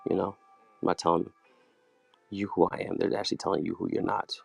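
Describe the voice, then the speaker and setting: Low gravelly-voiced boastful man. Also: level tone, fairly quick, soft background music. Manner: bragging, loose and rambling, says "you know" constantly. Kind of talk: boastful freewheeling monologue.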